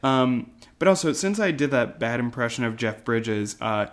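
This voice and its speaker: Male podcast host, joking, quick with trivia, casual chat. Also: medium pitch, lively intonation.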